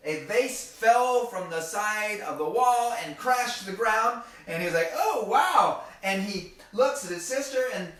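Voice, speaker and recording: A man's voice: high voice, fairly bright tone. A man telling a story to children in a playful, folksy way, talking to the kids directly as he goes. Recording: echoey room, mic far off.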